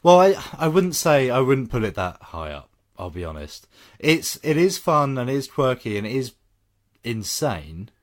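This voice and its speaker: Lively man co-hosting a film podcast. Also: medium pitch, normal speed, dry recording. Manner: animated, with lots of ums and laughs. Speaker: podcast co-host and film reviewer. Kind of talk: casual chat and scripted review.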